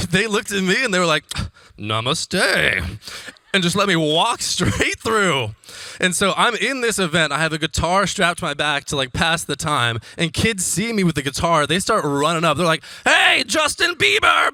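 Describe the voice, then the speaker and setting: Young man, comic storyteller, from iowa, bright, dry mic sound, lively. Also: on the high side, no room sound. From Iowa, United States. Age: young adult. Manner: animated, laughs often while telling stories. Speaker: comedian. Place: conference stage.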